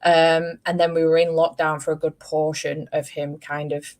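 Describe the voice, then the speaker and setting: A woman's voice: low-pitched, level tone, moderate pace, a little mellow. A woman, telling stories in a casual chat and swearing freely. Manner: chatty storyteller, swears casually. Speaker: host.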